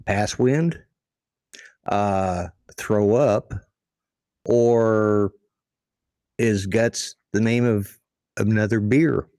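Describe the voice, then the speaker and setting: A man co-hosting a live stream, reading out quiz questions slowly with chuckles over a video call. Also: fairly low pitch, warm tone, smooth, dry recording, studio quality. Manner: slow, drawn-out quiz asking, chuckling. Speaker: co-host running a quiz. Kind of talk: casual chat on a live stream.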